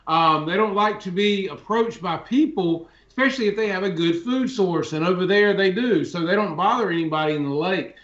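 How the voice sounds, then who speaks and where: A man's voice: sits high, fairly bright tone. A middle-aged man, a podcast host, telling folksy stories in casual chat, often adding "man". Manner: folksy storyteller, drawn-out tales with "man". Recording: roomy, dull lo-fi sound.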